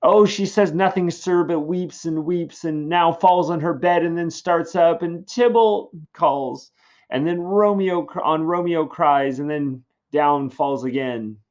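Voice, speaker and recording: A fretful old nurse, all high-pitched lamenting and fuss, as a man reads her aloud. Her voice climbs well above his normal register, and the audio sounds slightly dull. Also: measured pace, darkish tone, lightly acted. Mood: mournful. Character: fussy, fretful older female nurse.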